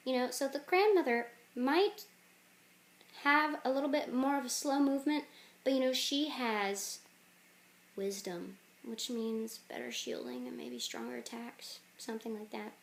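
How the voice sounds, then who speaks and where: Woman, casual talk, rambling, jokey asides, slightly high voice. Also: a little slow, gravelly. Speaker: channel host. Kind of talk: casual pitch of a game idea.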